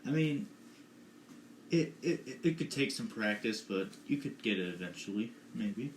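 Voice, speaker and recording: A young male podcast co-host with an expressive voice on the low side speaks at a moderate pace. His casual talk meanders and hedges, captured in an echoey room with slight background noise.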